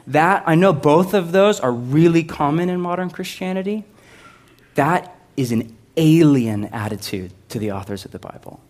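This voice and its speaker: A man preaching a sermon, conversational and animated, swinging from loud to hushed with humorous asides. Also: medium pitch. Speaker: pastor.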